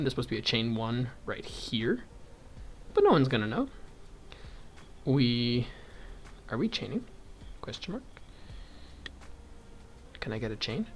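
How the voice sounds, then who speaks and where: A man's voice: mid-range voice, a bit bright. A young man in casual chat, thinking aloud and going off on tangents as he crochets, with frequent chuckles. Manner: rambling, goes off on tangents; chuckles often, thinks aloud while counting stitches. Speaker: vlogger.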